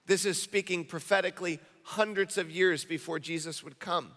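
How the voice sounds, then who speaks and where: High-voiced preaching man, hall echo. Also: normal speed, few pauses, soft background music. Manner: energetic, conversational preaching with repeated phrases. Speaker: pastor. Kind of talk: sermon. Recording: long hall reverb.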